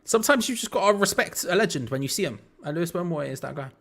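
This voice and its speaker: A young man commentating a match live for an online audience, talking casually. His voice sits a little high, and he chats to viewers between bits of play, with the odd frustrated aside. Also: animated, fast, creaky, a bit bright. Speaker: watch-along host.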